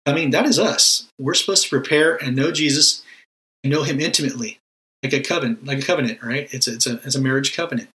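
Bright-voiced man teaching with emphasis. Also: mid-range voice, quick pace, low-quality recording. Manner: emphatic, repeats words, asks rhetorical questions. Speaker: Christian teacher on prayer. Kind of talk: casual spoken teaching.

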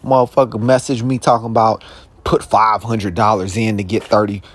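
A man's voice: on the low side, little pitch movement, moderate pace, no room sound. A young man hosting a podcast, talking alone in a rambling, profane, streetwise way, now and then flaring into heated questions. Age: young adult. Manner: heated bursts into shouted questions. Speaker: podcast host. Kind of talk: casual monologue.

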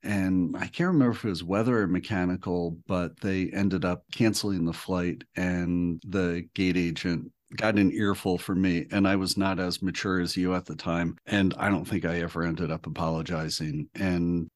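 A man co-hosting a podcast in a relaxed, easygoing casual chat. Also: low voice, normal speed, few pauses. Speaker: podcast co-host.

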